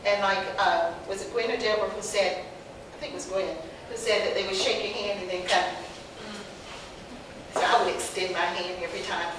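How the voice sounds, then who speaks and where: An older woman with a Southern accent, telling lively stories on a panel, acting out the dialogue and laughing often. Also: mid-range voice, normal speed. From North Carolina. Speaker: panelist, former teacher. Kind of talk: personal storytelling on a panel. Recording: very echoey distant hall recording with background noise.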